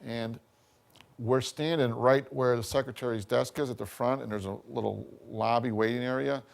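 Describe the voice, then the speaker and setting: A man's voice: medium pitch, fairly even intonation, normal speed, creaky. A man giving a college workshop talk, chatty and full of anecdotes, often checking in with "you know" and "okay?". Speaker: workshop speaker.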